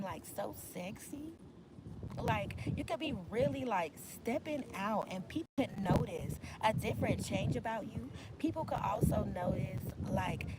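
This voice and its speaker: A woman's voice: mid-range voice, very noisy. A woman giving a casual tarot reading outdoors, talking in an emphatic, slangy, repetitive way. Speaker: tarot reader. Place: outdoors in nature.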